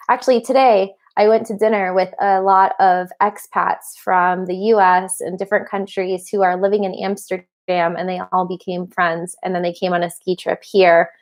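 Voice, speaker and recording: A woman in her thirties chats on a livestream in an easy, rambling way, reading out and answering viewer questions. She laughs often and sounds a little tired. Her voice sits at an ordinary middle pitch. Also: little pitch movement, normal speed, a little mellow. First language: English. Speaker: livestream host. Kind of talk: casual livestream chat.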